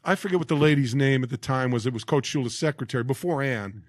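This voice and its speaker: A man's voice: mid-range voice, fast, no room sound, clean studio sound. A man in his sixties, a guest on a podcast, telling anecdotes with acted quotes and lots of restarts. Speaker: guest, former football player. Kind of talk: casual storytelling interview.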